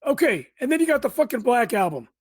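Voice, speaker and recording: A man who is a guest on a podcast, chatting casually in a raspy voice like a bassy sound through a blown speaker, loud and emphatic, often swearing. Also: sing-song, fast, no room sound, studio quality. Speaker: podcast guest and fellow podcast host.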